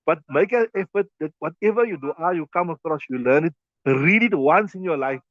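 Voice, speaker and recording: A man with a South African accent, a mufti teaching a hadith class in a conversational way, with quick Arabic recitation. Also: fairly high pitch, animated, dry recording, narrow, tinny audio. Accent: South African English.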